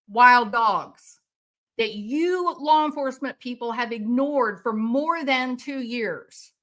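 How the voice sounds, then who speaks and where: Woman commentator, indignant, sarcastic, slow delivery, higher pitch. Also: a bit bright. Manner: angry, indignant, sarcastic rants. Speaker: true crime commentator. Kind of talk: impassioned commentary.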